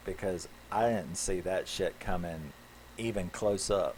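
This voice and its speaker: A man with a low voice recaps a horror film at an unhurried, drawn-out pace. He rambles and peppers his talk with fillers and curses. A faint noise hangs under the recording. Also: darkish tone, rough recording. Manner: rambling with many fillers, swears and laughs. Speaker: movie reviewer. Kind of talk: casual spoken film recap.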